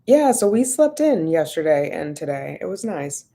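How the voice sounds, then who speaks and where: Brief: relaxed woman on a home livestream, slightly low pitch, chatty and easygoing, laughs easily. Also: moderate pace. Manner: chatty and laid-back, laughs often, greets viewers by name. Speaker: vlogger hosting a livestream. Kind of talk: casual livestream chat greeting viewers.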